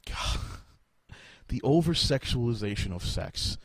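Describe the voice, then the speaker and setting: A man ranting on a podcast, cursing constantly and sounding fed up. His voice is husky and swings wildly in pitch, and the recording is dry and close. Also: expressive, a little slow, dry recording. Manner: profane, exasperated ranting. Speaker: podcast host. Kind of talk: casual podcast chat.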